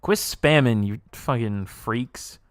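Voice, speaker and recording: A young man live streaming, reacting and reading chat aloud in an excitable way, laughing often and swearing casually. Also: mid-range voice, slow pace, dry recording, studio quality.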